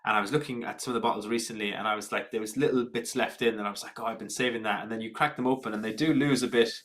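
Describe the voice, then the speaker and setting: A man's voice: fairly low pitch, steady tone, very fast, fairly bright tone. A man from Ireland hosting an online whisky tasting, reading out viewer comments in a friendly, rambling way with frequent ums. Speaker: tasting host. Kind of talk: casual online tasting chat.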